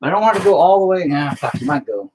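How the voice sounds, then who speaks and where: A man's voice: a little high, expressive, fast, a little mellow, slight background noise. A young man chatting casually while he paints, self-deprecating and swearing constantly as he talks to his painting. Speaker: painting video host.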